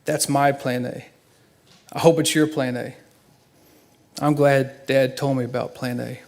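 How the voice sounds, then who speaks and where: This is a middle-aged man eulogizing a parent in a church, emotional and earnest as he tells stories, alternating between quiet and loud. His voice is medium in pitch, creaky, and steady in tone, and he takes his time.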